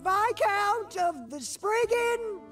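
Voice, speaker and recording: A woman's voice: very high-pitched, lively intonation, very slow, a bit bright, soft background music, exaggerated voice. A woman voicing a smug, sarcastic young swordsman hero in a comedy parody, given to grandiose speeches.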